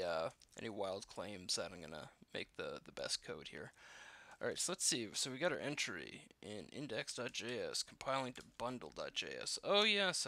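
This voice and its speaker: Gravelly man thinking aloud while coding. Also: mid-range voice, pushed and bright, no room sound. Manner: thinking aloud, self-deprecating, many fillers. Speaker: programmer live-coding a game. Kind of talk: casual coding walkthrough.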